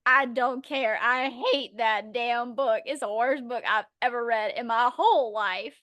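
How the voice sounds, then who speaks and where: A young woman co-hosting a casual podcast, talking in a blunt, animated way and cursing freely. Her voice sits fairly high. She is recorded close on the mic, with a dry sound. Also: measured pace, dry recording. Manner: blunt, profane, animated ranting. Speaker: podcast co-host. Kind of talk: casual chat.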